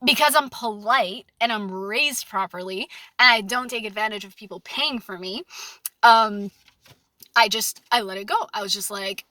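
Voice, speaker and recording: A woman's voice: medium pitch, moderate pace, pushed and bright, no room sound. A young woman talking frankly about dating in a casual monologue, full of fillers and anecdotes. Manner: chatty, frank, anecdote-driven with many fillers. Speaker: dating advice commentator.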